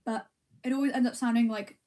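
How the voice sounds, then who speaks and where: A woman's voice: on the high side, fairly even intonation, brisk, warm tone. A young woman chatting casually on a livestream while eating ice cream, reading comments and answering in a rambling, giggly, self-deprecating way. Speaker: streamer.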